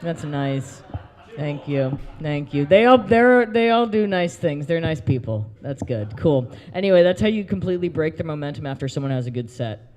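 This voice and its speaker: A man with a high, bouncy voice hosts a comedy open mic, joking loosely between acts and pumping up the crowd. He is heard from far off, with a long reverb around him. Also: animated, normal speed, darkish tone. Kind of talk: stand-up hosting banter. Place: brewery taproom stage.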